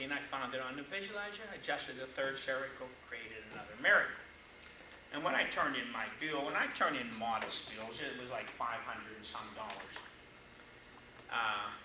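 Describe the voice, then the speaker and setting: An older man giving a chiropractic lecture, telling folksy, animated stories and acting out the quotes. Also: medium pitch. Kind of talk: storytelling seminar lecture. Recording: echoey room, far mic, noisy.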